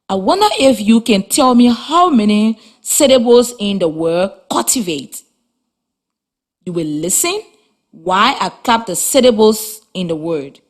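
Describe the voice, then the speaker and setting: A Liberian woman teacher leads a children's reading lesson. She speaks slowly and clearly, her pitch rising and falling in a lively way. Her delivery is patient and encouraging.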